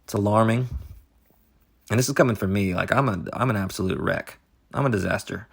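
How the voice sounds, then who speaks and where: A man co-hosting an improvised comedy podcast, rambling in halting, absurd deadpan. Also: fairly low pitch, vocal fry, slightly rough. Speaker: podcast co-host.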